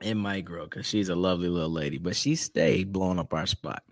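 A man's voice: low voice, animated, brisk, creaky, no echo. A man co-hosting a casual sports podcast from home, teasing his partner and laughing often. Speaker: podcast co-host. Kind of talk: casual chat.

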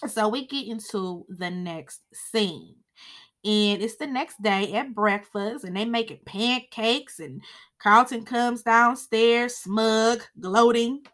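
A young woman hosting a podcast, recapping a TV episode in a sassy, slangy, animated way. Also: on the high side, takes it slowly. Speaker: podcast host recapping a TV series. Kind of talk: casual recap and review.

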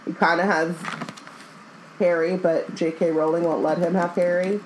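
Blunt, jokey woman with a lowish voice. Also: flat delivery, moderate pace, darkish tone, slight background noise, low-quality recording. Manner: blunt and jokey, swears freely. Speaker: podcast co-host. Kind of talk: casual chat.

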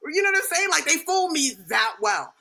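A woman from Brooklyn in casual chat, telling animated stories and acting out her relatives in voices. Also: high voice, a little fast, vocal fry. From Brooklyn, New York.

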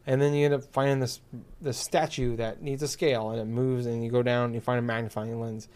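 A man's voice: mid-range voice, flat delivery, fairly quick, darkish tone, clear, resonant tone. A man in casual chat, ranting with exasperation and heavy swearing, full of fillers.

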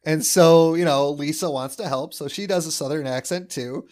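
A man's voice: fairly high pitch, moderate pace. A man co-hosting a podcast in casual chat, acting out quoted lines as he recaps a cartoon episode. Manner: animated, acts out quoted lines. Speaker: podcast co-host.

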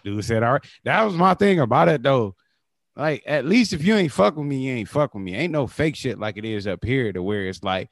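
A man's voice: very animated, fairly quick, vocal fry, dry recording, studio quality. A man with a Midwestern accent co-hosting a casual chat, telling stories with plenty of swearing. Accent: Midwestern American. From Midwest, United States. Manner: profane, storytelling, swoops in pitch.

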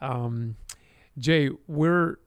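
A man's voice: medium pitch, very slow, clean tone, no room sound. A man hosting a podcast who asks his guest friendly questions in a casual interview. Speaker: podcast host.

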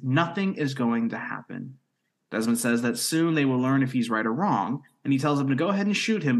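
A man co-hosting a casual podcast, recapping plot points in a quick storytelling way. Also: mid-range voice, a bit bright. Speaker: podcast co-host recapping episodes. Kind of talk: casual chat.

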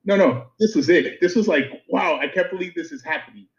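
A man's voice: high-pitched, fairly quick. A man from Miami co-hosting a podcast, telling a story animatedly and laughing easily. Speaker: podcast co-host. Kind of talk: casual chat, storytelling. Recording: dull lo-fi recording.

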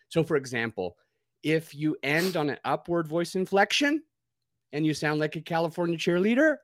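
Energetic man pitching his podcast services. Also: no echo, clean studio sound. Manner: energetic salesy pitch with mimicked voices. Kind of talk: conversational podcast interview.

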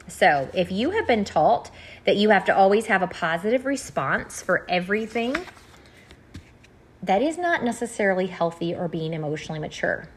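Husky-voiced woman gently teaching. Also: lowish voice. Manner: gentle, earnest, explanatory. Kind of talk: reading and explaining graphics.

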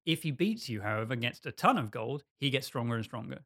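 A man hosting a podcast, pitching a game idea in a rambling, self-mocking way and laughing often. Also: lively intonation, quick pace, vocal fry, fairly bright tone. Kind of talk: casual chat.

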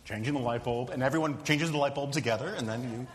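A man's voice: mid-range voice, fast talker. A man telling rambling, self-amused anecdotes on a live podcast panel. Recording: live room with long reverb, faint noise.

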